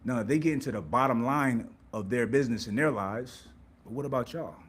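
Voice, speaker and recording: A man's voice: mid-range voice, a little fast, breathy edge. A man hosting a live stream, giving an emphatic, preachy motivational monologue with repeated words and rhetorical questions. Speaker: host.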